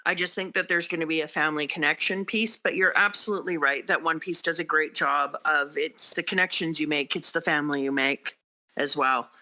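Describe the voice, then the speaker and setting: Bright-voiced middle-aged woman, heartfelt. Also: sits low, fairly quick. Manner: heartfelt, animated storytelling. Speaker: guest, teacher reading manga for the first time. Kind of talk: casual podcast chat.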